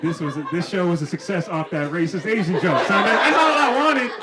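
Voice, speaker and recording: A man with a high voice works a comedy club stage in easy, slangy stand-up talk, often chuckling through his lines. The room rings around him, and loud crowd laughter rolls behind his voice. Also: lively intonation, brisk, echoey room, very noisy. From Maryland, United States. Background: audience laughter.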